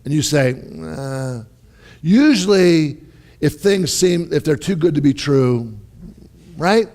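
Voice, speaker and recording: A man preaching a sermon in a lively, conversational way, often checking in with his listeners and restarting his phrases. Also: on the high side, measured pace. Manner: animated, conversational, with repeated "right?" and restarts. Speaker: pastor.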